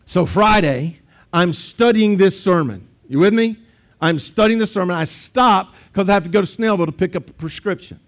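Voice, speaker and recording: A man's voice: sits high, normal speed. A man, a pastor preaching a sermon in a conversational storytelling way with asides to the congregation.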